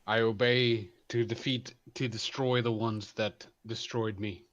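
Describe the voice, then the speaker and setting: A man's voice: lowish voice, little pitch movement, measured pace, lo-fi sound, lightly acted. A man voicing a vengeful male warrior in his own plain voice. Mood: earnest.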